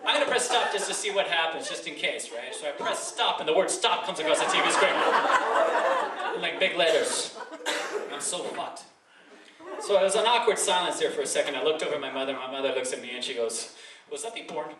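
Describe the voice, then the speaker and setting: A man in his thirties from Chile doing live stand-up, rambling casually with lots of "like" fillers and profanity, and he jumps into loud high voices to act out scenes. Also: brisk. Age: 30s. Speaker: stand-up comedian. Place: comedy club with a live audience. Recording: echoey club from far off, loud noise.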